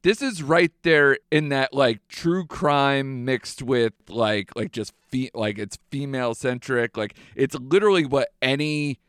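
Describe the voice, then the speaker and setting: A man's voice: mid-range voice, measured pace, few pauses, a bit bright, smooth, no room sound, clean studio sound. A young man hosting a movie podcast, chatting casually and animatedly with lots of fillers. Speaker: podcast host.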